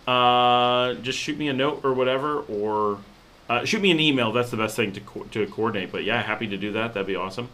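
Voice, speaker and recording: A man hosting a casual livestream, telling stories in a relaxed way and reading out viewer comments. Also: mid-range voice, brisk. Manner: relaxed storytelling, reads viewer comments aloud. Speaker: livestream host.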